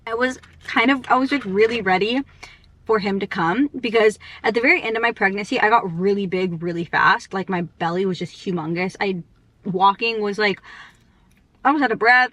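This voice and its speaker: A young woman vlogger chatting casually and rambling, full of fillers, talking fast because she is in a rush. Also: medium pitch, a bit bright, no echo. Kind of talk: casual chat.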